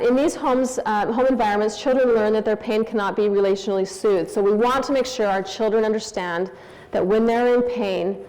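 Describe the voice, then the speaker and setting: A church speaker in her forties shares a frank, story-filled talk about parenting in a church hall. She has a mid-range, slightly mellow voice, and long hall reverb trails her words.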